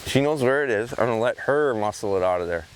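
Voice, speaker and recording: A man's voice: expressive, quick pace, slight background noise. Man explaining dog training outdoors. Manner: talks to the camera, then calls to a dog in high, sing-song praise. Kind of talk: casual outdoor training commentary. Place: outdoors in a field.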